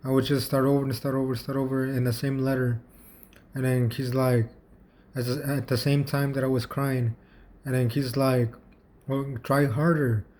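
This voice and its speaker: This vlogger recounts something from his own life in a loose, stop-start way, circling back and repeating himself. He speaks at a medium pitch, evenly, with a slightly mellow quality.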